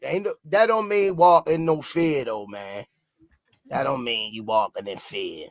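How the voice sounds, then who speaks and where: A man with a Baltimore accent co-hosting a podcast, arguing loudly and sarcastically, often shouting and mocking. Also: mid-range voice, a little slow, no echo, clean studio sound. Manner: loud, sarcastic, shouts and mocks. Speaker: podcast co-host. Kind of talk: heated casual debate.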